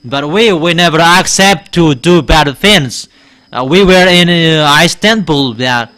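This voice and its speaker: Slow, halting Malagasy man preaching. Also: a little high, bright, forceful tone. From Madagascar. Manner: halting, with many uh pauses and restarts; insistent, emphatic declarations. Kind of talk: sermon in English.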